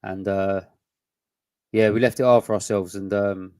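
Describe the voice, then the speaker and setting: A man's voice: fairly low pitch, fairly even intonation, unhurried, a little mellow, no room sound. A man, co-hosting a casual football podcast, blunt and sweary with rambling restarts. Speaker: podcast co-host.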